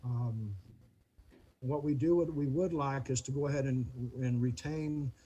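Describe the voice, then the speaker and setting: A man on a video call giving public comment to a city planning commission, halting and repeating words. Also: medium pitch, warm tone, muffled recording, slight background noise. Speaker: neighbor addressing the commission.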